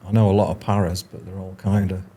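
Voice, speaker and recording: A man's voice: deep voice, little pitch movement, quick pace, dark tone, husky. A man hosting a casual interview, prompting his guest with short questions and interjections. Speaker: podcast host.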